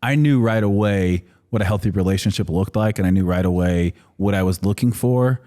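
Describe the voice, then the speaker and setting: A man's voice: fairly low pitch, fairly quick, mellow. A man in his thirties, a podcast guest, telling stories in casual chat with lots of fillers and laughs. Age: 30s. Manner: rambling storytelling with many fillers and laughs.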